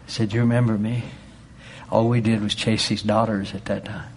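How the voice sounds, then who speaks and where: A man preaching a sermon with fervor, swinging from loud exclamations to hushed storytelling. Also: fairly low pitch, level tone, moderate pace, a little hiss or hum.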